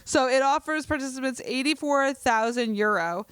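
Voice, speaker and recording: A woman's voice: high voice, normal speed, a bit bright, clear, resonant tone, no room sound. A woman from New Jersey co-hosting a casual podcast, chatting and reading an article aloud with small stumbles and easy laughs. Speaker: podcast co-host.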